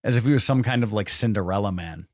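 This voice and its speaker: A man's voice: lowish voice, fast, no room sound. A man co-hosting a podcast, chatting casually about films and dropping dry, joking asides. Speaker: podcast co-host.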